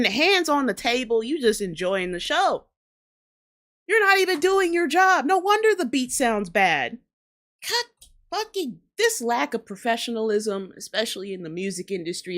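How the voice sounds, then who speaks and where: A woman with a New Orleans accent hosts a casual show reacting to rap videos, ranting bluntly and profanely in heated bursts. Her voice is medium-pitched and fairly bright.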